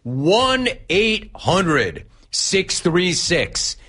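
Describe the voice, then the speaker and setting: A man's voice: sits high, sing-song, very slow, sharp tone. A man hosting a sports radio show, ranting sarcastically and incredulously at a player. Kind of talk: ranting sports talk monologue.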